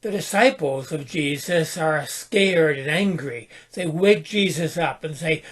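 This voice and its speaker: A man hosting his own podcast, giving a reflective spoken sermon in a calm, contemplative manner with small restarts. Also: fairly high pitch, measured pace, hardly any pauses. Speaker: podcast host and spiritual teacher.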